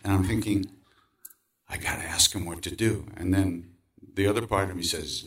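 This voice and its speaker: Lively storytelling man, a bit off-mic. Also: low-pitched, moderate pace, recorded from a distance. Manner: animated, acts out quoted voices, laughs often. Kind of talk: storytelling in conversation. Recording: voice from away from the mic.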